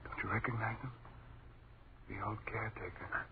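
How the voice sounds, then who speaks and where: An actor playing an uneasy, awed man in a 1940s radio drama, speaking in a hushed, unhurried way. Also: lowish voice, fairly even intonation, natural voice. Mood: startled. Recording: tinny, hissy old radio broadcast.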